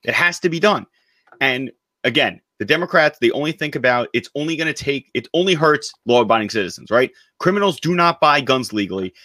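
Fast, bright-voiced indignant male co-host. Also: mid-range voice, lively intonation, no room sound, clean studio sound. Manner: emphatic, indignant, quick delivery with sarcastic jabs. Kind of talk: political talk show banter.

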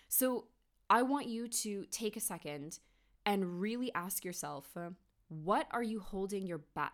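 A woman hosting a solo motivational podcast from her home office, speaking earnestly and encouragingly, with many rhetorical questions. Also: lowish voice. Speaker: podcast host.

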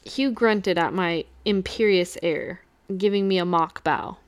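A woman's voice: on the low side, a little slow, clean tone. A woman reading a first-person novel aloud, with wry, lightly amused narration. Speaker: audiobook reader.

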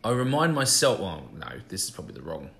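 A man's voice: deep voice, sing-song, fast, a bit bright. A man co-hosting a podcast in casual chat, reflective and self-deprecating, who laughs often. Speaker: podcast co-host.

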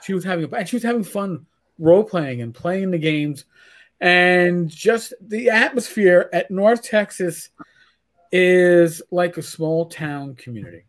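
A man from New York hosting a casual podcast chat, stumbling through restarts as he tells animated stories. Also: high-pitched, measured pace. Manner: stammering restarts, animated storytelling. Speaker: podcast host.

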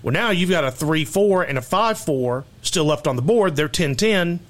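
Male podcast host with a slightly raised pitch, laid-back and chatty. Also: normal speed. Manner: relaxed, easygoing, many fillers. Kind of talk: casual chat.

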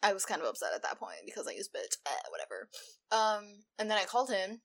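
A woman's voice: medium pitch, big pitch swings, gravelly, a bit bright. A young woman co-hosting a podcast, chatting casually and ranting heatedly, swearing freely. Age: young adult. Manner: heated, swears freely, quick indignant rants. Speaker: podcast co-host. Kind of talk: casual chat.

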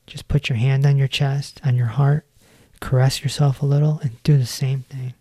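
A man in his forties gives a reflective self-help talk as a podcast host, speaking in a gentle, earnest way. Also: medium pitch, level tone, normal speed, no room sound, studio quality. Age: 40s.

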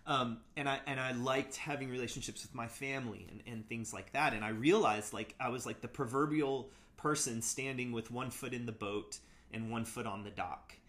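A man's voice: mid-range voice, normal speed, fairly bright tone. A man speaking as an interview guest, recounting his past in a reflective, casual way, hesitant and full of "like" and "you know", with frequent restarts. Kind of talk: reflective storytelling in casual conversation.

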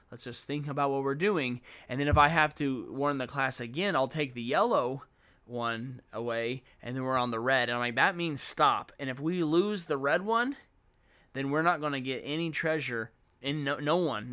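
A man's voice: medium pitch, a bit bright, clean tone. A middle-aged man sharing classroom management tips for teaching children, talking casually and walking through examples. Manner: conversational, explains with examples and acts out classroom exchanges.

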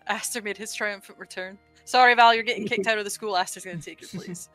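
A woman's voice: mid-range voice, steady tone, quick pace, bright, forceful tone, faint music behind. A young woman playing a tabletop game, chatting in character and out with a teasing, giggly manner. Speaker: player. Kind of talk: tabletop role-play chat.

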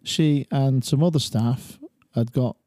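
A man on a chat panel, telling a story calmly and in a measured way. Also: mid-range voice, no echo, clean studio sound. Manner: calm, measured, with fillers. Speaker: regular panelist. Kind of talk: casual chat.

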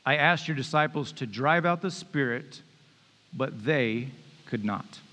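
Male pastor, conversational sermon, relaxed joking delivery, medium pitch, long hall reverb. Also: measured pace. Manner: conversational, joking preacher with restarts.

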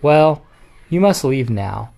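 A reader voicing a gentle, firm guardian angel. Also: mid-range voice, creaky. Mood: patient. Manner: calm, measured and kindly stern. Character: gentle but firm female Christmas tree angel.

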